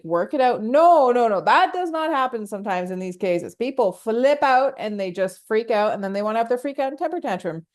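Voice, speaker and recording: A woman's voice: medium pitch, a little mellow. Woman, podcast host, casual solo talk, rambling, laughs a lot, acts out quotes.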